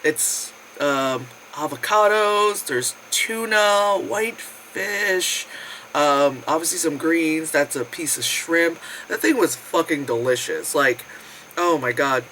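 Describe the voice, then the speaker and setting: A vlogger telling a casual, animated food story, acting out quotes with big pitch jumps, laughing and swearing often. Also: takes it slowly, slight background noise, poor audio. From United States.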